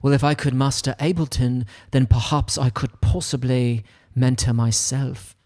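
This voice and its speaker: A self-important gentleman with a put-on English accent, as an American man plays him. He muses in a mock-eloquent, playful way. The put-on lilt rides on the speaker's ordinary pitch. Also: little pitch movement, normal speed, close to an everyday voice. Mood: mock-grand.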